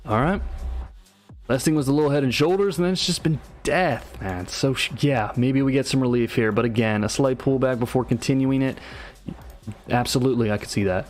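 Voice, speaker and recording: A man talking through charts on a live market stream. His voice sits at an ordinary middle pitch, and his delivery is loose and slangy. He keeps checking in with "right?" and "man". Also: a little fast, soft background music. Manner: casual and slangy, often asks "right?". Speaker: market analysis livestreamer.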